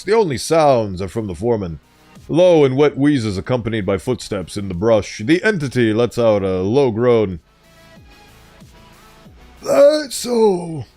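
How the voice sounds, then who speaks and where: Playful animated male streamer. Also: mid-range voice. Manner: playful, animated, self-correcting. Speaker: streamer reading stories. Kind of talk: live-stream reading and chat.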